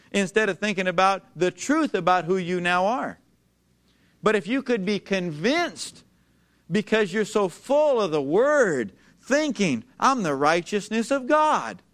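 Man, preacher delivering a sermon; high, smooth voice, emphatic, draws the congregation in with questions. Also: expressive, fairly bright tone. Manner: emphatic, asks the congregation to repeat lines, slows for scripture. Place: church before a congregation.

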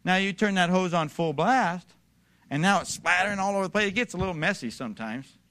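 A male pastor preaching with a bright, forceful edge to his somewhat high voice. He drives his points home emphatically and repeats them as he builds. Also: lively intonation, fairly quick. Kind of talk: sermon.

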